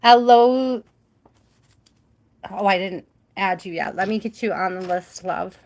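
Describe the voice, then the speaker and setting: A woman's voice: medium pitch, unhurried, a little mellow. A woman hosting a live tarot reading stream, chatty and giggly, often trailing off mid-thought.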